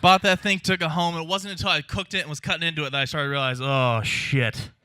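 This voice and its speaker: A young man working a stand-up crowd in an underground club. His delivery is brash and profane, quick to slip into little character voices. The voice rides a touch high with a forceful, cutting edge, and the sound is close and dry. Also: clean tone, no echo. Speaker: stand-up comedian. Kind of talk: stand-up comedy set. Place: underground comedy club with live audience.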